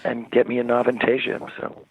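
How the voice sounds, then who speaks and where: A man, a rock singer as interview guest, telling stories in a rambling, animated way with many restarts, over the phone. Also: medium pitch, a little fast, husky, dry recording. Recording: tinny dry phone line.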